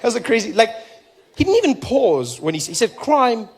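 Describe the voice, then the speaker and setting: A man doing stand-up comedy, telling stories with lively impressions. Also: very high-pitched, brisk, husky. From South Africa.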